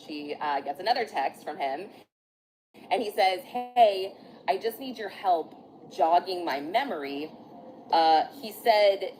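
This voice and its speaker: Woman, low-ish voice, casual outdoor recap, chatty and full of fillers, faint ambience behind. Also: a little mellow, a little hiss or hum, low-quality recording. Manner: chatty, full of fillers and restarts, apologizes for slips. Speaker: vlogger recapping court testimony. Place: outdoors in bright sun.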